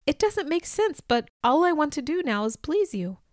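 Woman voicing a reformed villainess, high and tense, close dry sound. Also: very animated, slow pace, warm tone, no echo, exaggerated voice. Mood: innocent, wondering. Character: tense, hysterical woman turned innocent.

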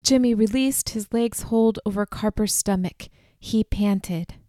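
A woman narrating a first-person audiobook in a measured, calm, deliberate way, recorded on a close studio mic. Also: mid-range voice, no echo.

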